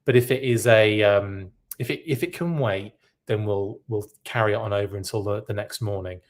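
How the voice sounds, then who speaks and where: A man's voice: on the low side, normal speed. A man hosting a live podcast who reacts to news in a casual, rambling way and keeps correcting himself. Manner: rambling, self-correcting, chatty. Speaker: podcast host.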